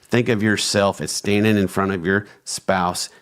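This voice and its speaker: A man with a low voice talks through marriage advice on a podcast. He is earnest and exhorting, and sounds a little like a preacher counseling his listeners. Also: steady tone, unhurried, clean tone. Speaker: podcast co-host. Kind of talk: conversational podcast discussion.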